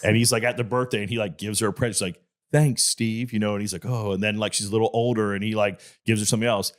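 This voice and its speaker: A man's voice: fairly low pitch, very fast. A man on a comedy podcast, telling long, crude, rambling stories. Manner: rambling, crude, animated storytelling. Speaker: podcast co-host. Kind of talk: casual comedy podcast chat.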